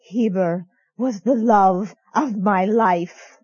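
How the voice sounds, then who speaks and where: A woman's voice: medium pitch, slow pace, a little mellow, breathy edge, dry recording. A woman playing an earnest young servant maid in a comic radio play, speaking melodramatically. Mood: solemn. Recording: dry lo-fi radio audio.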